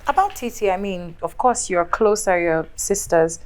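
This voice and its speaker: An actress playing a calm, patient therapist who asks gentle questions. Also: female voice, medium pitch, moderate pace, lightly acted. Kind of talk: film acting.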